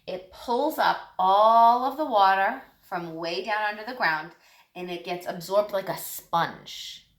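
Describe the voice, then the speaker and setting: A woman teacher giving a lesson to young children, talking in a lively, sing-song way. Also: medium pitch, takes it slowly, reverberant.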